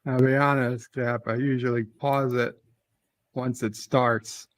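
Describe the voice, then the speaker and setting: A man's voice: medium pitch, level tone, a little slow. A man joining a livestream as a guest, joking and swearing in casual chat. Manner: joking, swears, puts on a mock Aussie accent.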